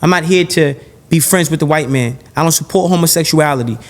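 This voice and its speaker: A man with a notably high-pitched voice holds forth as a podcast guest in a heated interview. He talks in an animated rush, stacking and repeating phrases, restarting sentences and swearing bluntly. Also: a little fast. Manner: blunt and profane.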